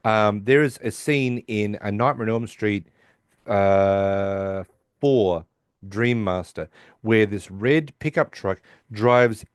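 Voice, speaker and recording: In a slow, lowish voice, this man hosts a podcast and loosely recounts a TV episode, often starting over and slipping into quoted voices. His tone is clean, and the studio audio has no room sound at all.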